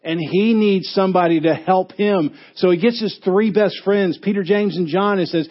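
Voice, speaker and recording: A man is preaching to his church, with a voice that sits a bit high for a man. He sometimes breaks into a shout as he acts out a coach yelling at a wrestler. The recording sounds dull and muffled. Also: moderate pace, few pauses. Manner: rises to a shout when acting out a yelling coach. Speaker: pastor. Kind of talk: sermon.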